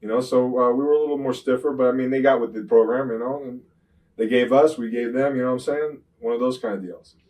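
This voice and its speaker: An older man, a retired wrestler, telling rambling profane stories in an interview, often saying "you know what I'm saying" and getting loud when he retells fights. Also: mid-range voice, fast, far from the mic, poor audio. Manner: grows loud and animated when retelling confrontations. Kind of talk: shoot interview storytelling.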